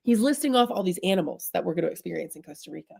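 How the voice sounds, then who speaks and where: Rapid-fire and creaky, her lowish voice has a dark, slightly rough tone and lively intonation. She's a married Midwestern woman spinning a humorous personal tale, chatting comically and calling her audience "y'all" again and again.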